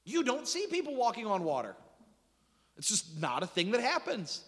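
A man preaching a sermon in an animated storytelling manner, with dramatic swings in pitch and loudness. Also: brisk, big-room sound. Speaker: pastor.

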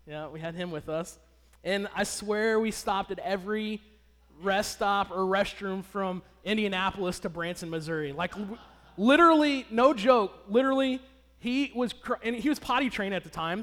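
A man in his thirties with a high, slightly bright voice speaks at normal speed, telling a personal story to an audience. He's conversational and chatty, asking the audience questions, and a long hall reverb surrounds his voice.

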